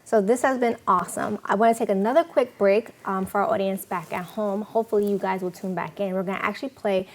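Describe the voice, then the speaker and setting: Animated woman host from New York. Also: medium pitch, fast, hardly any pauses. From New York City. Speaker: talk show host. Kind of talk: casual interview talk.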